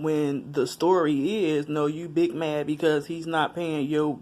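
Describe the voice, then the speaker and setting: A woman's voice: low voice, little pitch movement, a little slow, a little mellow. A woman talking frankly and emotionally straight to her viewers in a personal vlog, laughing at times and holding back tears at others. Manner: frank and conversational, addresses viewers directly. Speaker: vlogger. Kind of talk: candid personal vlog confession.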